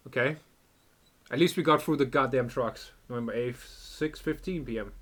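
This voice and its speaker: A man's voice: medium pitch, moderate pace, fairly bright tone. A man doing let's play commentary over a strategy game, full of profane, exasperated banter. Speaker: game streamer.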